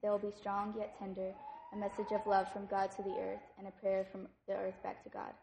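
A woman's voice: mid-range voice, completely flat delivery, brisk, gravelly, noisy background, natural voice. Wise old turtle, read by a woman. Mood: solemn. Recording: echoey room.

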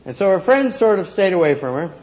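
A man telling a story aloud in an expressive, playful way, acting out the characters. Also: high voice, fast, slight background noise, poor audio. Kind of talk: oral storytelling.

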